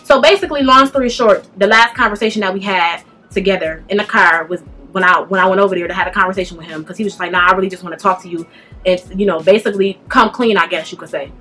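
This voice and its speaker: A young woman telling a casual storytime, animated and speaking straight to her viewers. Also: mid-range voice, fast talker, faint music behind. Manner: animated, addresses viewers directly, slangy.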